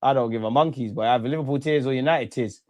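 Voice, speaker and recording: Give me an excitable young man in his own voice, trading banter with his chat during a live football match, in a dry, close recording. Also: mid-range voice, fast talker, no room sound. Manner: excitable, banter-heavy, trash-talking. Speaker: streamer hosting a football watch-along. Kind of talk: casual live commentary, chatting with viewers.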